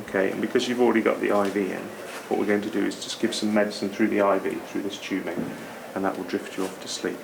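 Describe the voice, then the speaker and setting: Male anaesthetist, low gravelly voice, soothing with a child, clear hospital noise. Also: flat delivery, fast talker, few pauses. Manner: soft, reassuring, simple words for a child. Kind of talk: gentle talk to a child patient. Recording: noisy hospital background.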